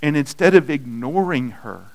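A man preaching a sermon, with slow, dynamic delivery that swells loud and then drops soft. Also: on the high side, expressive, poor audio. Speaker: pastor.

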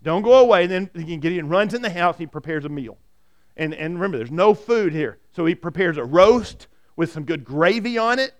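High, smooth-voiced male pastor preaching. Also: moderate pace. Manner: animated storytelling, repeats words when starting. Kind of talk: sermon.

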